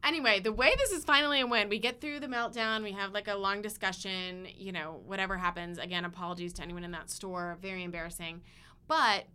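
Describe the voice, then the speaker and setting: A woman in her thirties co-hosting a podcast, chatty and rambling as she tells a story. Her voice is bright and forward, and she keeps restarting her sentences. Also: mid-range voice, fairly even intonation, quick pace, clear, resonant tone. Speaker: podcast co-host. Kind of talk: casual chat.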